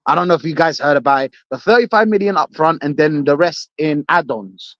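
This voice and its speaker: A man joining a live chat show as a guest, animated and joking, full of shout-outs. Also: on the high side, brisk, no room sound, muffled recording. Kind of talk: casual live podcast chat.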